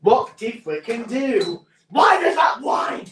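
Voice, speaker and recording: A woman streamer chatting through a game with hysterical, shouted outbursts. Her voice swings all over its range and she often slows right down. The room gives her voice a noticeable echo. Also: on the high side, far from the mic, some chatter behind. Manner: excitable, hysterical shouting bursts. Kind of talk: casual live-stream commentary. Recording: roomy echo, faint noise.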